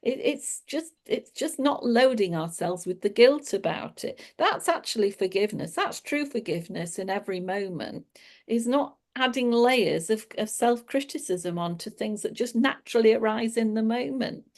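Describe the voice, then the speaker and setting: A woman's voice: on the high side, lively intonation, moderate pace, a little mellow. A woman giving a casual, reflective spiritual talk, laughing often as she explains. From England. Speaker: spiritual teacher.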